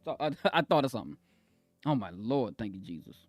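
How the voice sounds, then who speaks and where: A man streaming live in casual chat, swinging between soft apologies and loud excited exclaims, laughing and cutting himself off often. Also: mid-range voice, fairly quick, no echo. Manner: self-interrupting, laughs often.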